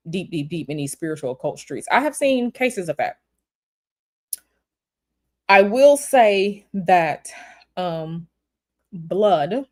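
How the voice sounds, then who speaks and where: A woman reading tarot on a livestream, answering viewer questions in a blunt, animated, repetitive way. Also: medium pitch. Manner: blunt, animated, repeats herself. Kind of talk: casual livestream chat.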